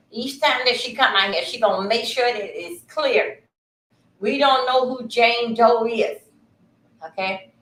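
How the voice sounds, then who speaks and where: A woman's voice: a little high, fairly bright tone, reverberant, low-quality recording. A woman hosting a casual livestream, rambling and talking straight to her viewers from her computer. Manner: chatty, rambling, addresses viewers directly. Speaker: livestream host. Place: at home at a computer.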